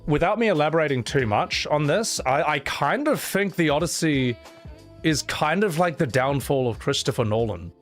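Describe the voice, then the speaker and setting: A man's voice: a little high, a bit bright. Profane, opinionated male streamer. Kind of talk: livestream chat reading donations.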